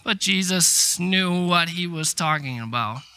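A man's voice: high voice, lively intonation, measured pace, bright, forceful tone, smooth. A middle-aged man preaching a sermon in a conversational, emphatic way, acting out the quotes he tells. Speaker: pastor.

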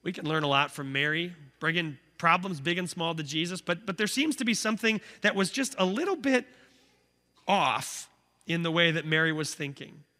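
Bright-voiced pastor in his thirties. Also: fairly high pitch, lively intonation, moderate pace. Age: 30s. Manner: conversational, earnest, with rhetorical "right?" asides. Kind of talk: sermon. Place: church sanctuary. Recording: echoey church hall.

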